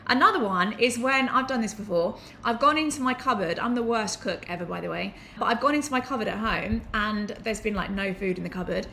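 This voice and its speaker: A woman's voice: mid-range voice, expressive, a little fast, few pauses, bright, forceful tone, a little hiss or hum. A woman, teaching to camera in a chatty, enthusiastic way with anecdotal asides. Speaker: online business educator.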